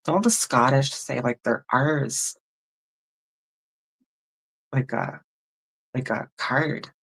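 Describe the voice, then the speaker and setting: A woman's voice: extremely low pitch, expressive, very slow, gravelly, husky. A woman hosting a tarot livestream, chatting casually, musing aloud and thanking viewers by name. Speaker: tarot reader and livestream host.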